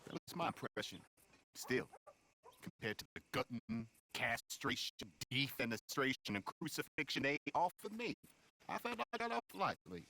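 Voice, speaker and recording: A man's voice: mid-range voice, lively intonation, moderate pace, bright, forceful tone. An actor playing a meek, apologetic traveling medicine man in a video game, talking in formal, wordy, overly polite phrases.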